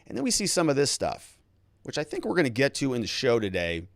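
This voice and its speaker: A male legal commentator talks with a lively, swooping pitch, going from wry asides to mock outrage as he reads documents aloud. His voice sits at a mid pitch. The room sounds dry and close to the mic. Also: a little fast, creaky, no room sound. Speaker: lawyer and legal commentary host.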